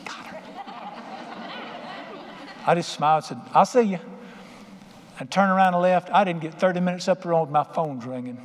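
Middle-aged male preacher, folksy emphatic storyteller, slightly higher voice, reverberant hall. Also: fast, few pauses, slight background noise. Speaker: pastor. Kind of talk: sermon.

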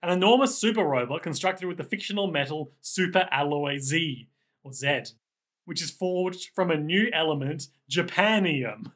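A man's voice: a little high, lively intonation, normal speed, a bit bright. A man, co-hosting a podcast and recapping stories in casual, playful chat, laughing often. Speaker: podcast co-host.

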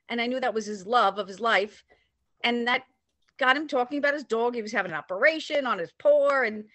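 An older woman from the New York area telling a personal story in a casual, animated way, acting out the voices of the people she quotes. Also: on the high side, no room sound. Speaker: storyteller recounting a personal memory. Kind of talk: casual anecdote.

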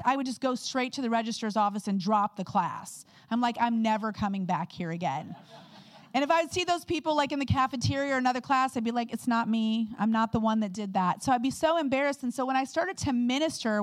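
Higher-voiced woman preaching candidly. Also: no room sound. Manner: candid, conversational preaching with quick asides. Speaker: guest speaker. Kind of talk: sermon.

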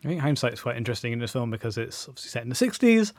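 A man reviewing a film in a casual discussion, brisk and wry. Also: medium pitch, sing-song, dry recording.

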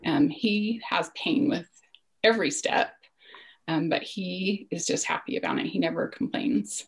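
A woman's voice: on the low side, measured pace, slightly rough, poor audio. A woman in her forties, a podcast guest, telling a personal story in an earnest, reflective way that sometimes sinks to a near-whisper.

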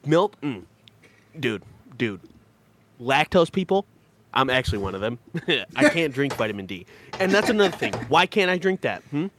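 A man's voice: mid-range voice, sing-song, normal speed, pauses often, a bit bright, slight background noise. A man from Michigan co-hosting a podcast, joking and swearing in a mock-outraged way, often laughing. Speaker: podcast co-host. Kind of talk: casual comedic rant.

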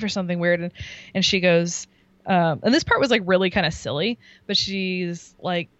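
A woman's voice: lowish voice, sing-song, normal speed, a bit bright, dry recording, muffled recording. A woman telling a story in casual chat, talking in a loose, chatty way full of likes and ums. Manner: chatty, filler-heavy with many likes and ums. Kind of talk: casual chat, recounting a show.

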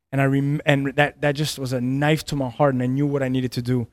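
In a dry recording, a pastor in his thirties shares a personal story on a podcast, speaking a little fast with few pauses in a mid-range, level voice. He's earnest, often repeats words, and laughs between lines.

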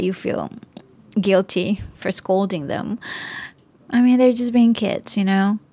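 A woman's voice: mid-range voice, a little mellow, dry recording. Frank Malaysian woman ranting. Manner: frank, swearing, laughs often. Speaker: podcast host. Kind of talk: candid podcast rant.

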